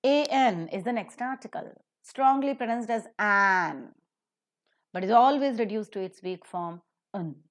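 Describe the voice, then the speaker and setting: A woman teaching pronunciation in a recorded lecture, slowing down to stress example sentences. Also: fairly high pitch, a little mellow.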